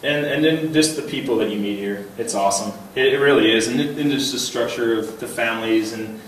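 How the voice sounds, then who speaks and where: A man in his thirties giving a humorous banquet speech, telling personal stories in an animated way, chuckling often and repeating words as he starts a thought. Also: medium pitch, a little fast, slight background noise. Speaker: banquet keynote speaker. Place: large banquet hall. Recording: very echoey hall, voice heard from a distance.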